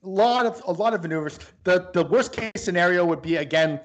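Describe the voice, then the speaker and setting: A man's voice: high voice, brisk. A man co-hosting a casual sports talk show, rambling with lots of restarts and fillers as he chats about basketball. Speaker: sports podcast co-host.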